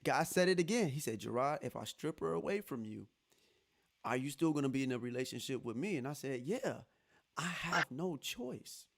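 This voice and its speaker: A man hosting a podcast, telling a personal story in casual chat, animated and laughing as he acts out what others said. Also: medium pitch, fairly quick, creaky. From Texas. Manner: animated, laughing, quotes others in lively voices. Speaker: podcast host.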